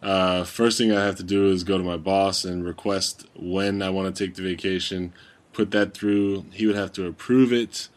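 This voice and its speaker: A man in casual conversation, answering questions about his job in a relaxed, measured way. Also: low-pitched. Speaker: guest recalling studio work.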